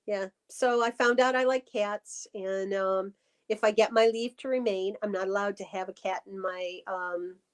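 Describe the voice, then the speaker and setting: Woman guest, mid-pitched, lively restarting storyteller for a chatty live stream. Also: moderate pace, clear, resonant tone. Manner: animated storyteller, many restarts. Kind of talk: casual live-stream chat.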